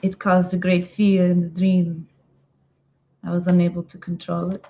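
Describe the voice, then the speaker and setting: A woman's voice: fairly low pitch, monotone, moderate pace, dark tone, natural voice. A woman voicing a grave woman dragon hunter who speaks in a solemn, formal, old-fashioned way, over lo-fi call audio.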